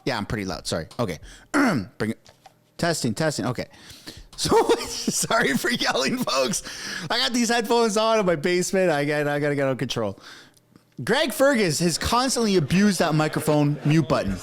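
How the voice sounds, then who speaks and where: A man live-streaming reaction commentary from his basement, loud and frustrated, yelling and swearing at a parliament feed. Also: fairly high pitch, very animated, moderate pace. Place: home basement. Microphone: wearing headphones, desk mic.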